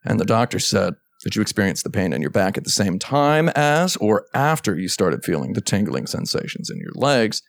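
A man's voice: big pitch swings, moderate pace, hardly any pauses, no room sound. A male podcast host in casual chat, telling a long joke story and acting out every voice in it. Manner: acts out both sides of a story, jumping into a high voice for others' lines.

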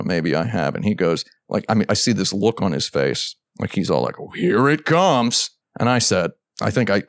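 A man's voice: gravelly, no room sound, studio quality. A male podcast host in casual chat, telling a long joke story and acting out every voice in it. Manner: acts out both sides of a story, jumping into a high voice for others' lines.

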